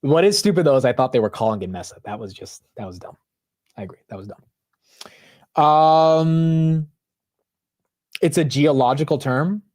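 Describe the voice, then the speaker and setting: Loud, animated male stream host. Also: on the high side, moderate pace. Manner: loud, animated, self-mocking. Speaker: livestream market show host. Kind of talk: casual live market commentary.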